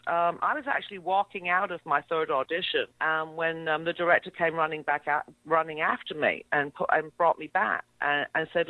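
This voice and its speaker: A woman's voice: low-pitched, moderate pace, no echo. A middle-aged English woman with a mid-Atlantic accent, a guest actress telling stories chattily with lots of fillers and restarts. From England. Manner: chatty, many fillers and restarts, laughs easily. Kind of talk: casual interview storytelling. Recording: tinny dry phone line.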